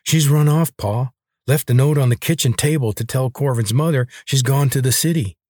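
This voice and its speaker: A whining, dim-witted country boy with a raised, husky voice, as a man reading a storybook aloud plays him. His folksy speech comes out in a high whine, recorded dry. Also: moderate pace, a little mellow, no room sound, close to an everyday voice. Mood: whiny. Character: whiny young farm boy, dim son.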